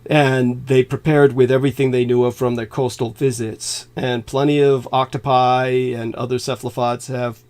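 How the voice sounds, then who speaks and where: A man's voice: mid-range voice, darkish tone. A man from California co-hosting a livestream, lecturing insistently and talking over interruptions. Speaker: co-host. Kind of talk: livestream conversation.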